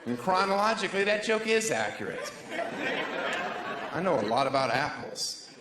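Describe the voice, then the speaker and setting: A man's voice: sits high, big pitch swings, normal speed, a loud crowd. A man doing stand-up comedy live on stage into a handheld mic, with a sarcastic, punchy and playful delivery. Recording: roomy live room with loud audience.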